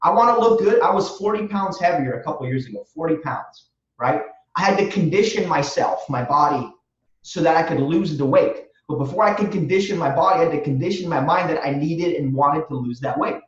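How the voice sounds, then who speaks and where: A man talks earnestly and motivationally, leaning on repeated phrases to drive his point home. His voice sits a little high. He sounds set back from the mic in an echoey room, on a dull, lo-fi line. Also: brisk, far from the mic. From Romania. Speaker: guest, real estate wholesaler. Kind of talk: podcast interview answer.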